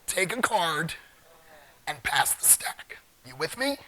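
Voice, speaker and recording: A man's voice: fairly high pitch, lively intonation, takes it slowly, pushed and bright. A middle-aged man giving a live talk in a large conference hall, joking playfully with the audience. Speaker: conference speaker.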